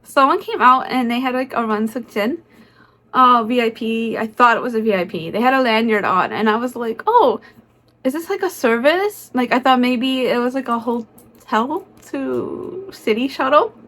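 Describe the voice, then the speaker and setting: A woman narrating a casual vlog in a chatty, excitable way, full of fillers like "um" and "like.". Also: on the high side, moderate pace. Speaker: concert vlogger.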